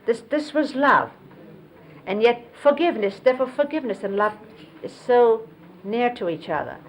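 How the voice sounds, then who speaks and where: A woman recalling memories in an unhurried storytelling way, explaining and demonstrating hand gestures as she goes. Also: fairly high pitch, animated, poor audio. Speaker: close companion recounting memories of a spiritual teacher. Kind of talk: reminiscing storytelling. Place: 1970s videotaped sit-down interview.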